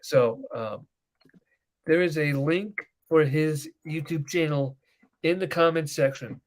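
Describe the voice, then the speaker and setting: A man co-hosting a casual podcast from his home. His voice sits a little high, and he banters loudly and excitably with his co-host. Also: slow. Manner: loud, excitable banter that swings to soft baby talk.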